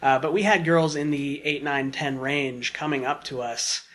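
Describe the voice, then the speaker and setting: A man's voice: on the high side, fairly even intonation, normal speed, a crowd in the background. A man telling a long casual story on a podcast, rambling with lots of fillers and asides. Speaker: podcast guest.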